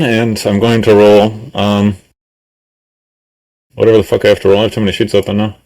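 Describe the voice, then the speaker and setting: A man's voice: fairly low pitch, flat delivery, a little fast, long pauses, darkish tone, poor audio. Laughing male game master. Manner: laughs often, many ums and uhs, puts on characters' voices. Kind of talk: narrating a tabletop game.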